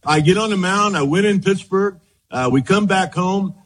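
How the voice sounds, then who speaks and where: A man, a former baseball pitcher, telling lively stories in a conversation, acting out quotes and laughing often. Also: moderate pace, slightly rough, rough recording. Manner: animated storyteller, acts out quotes, laughs often. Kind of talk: storytelling in a conversation.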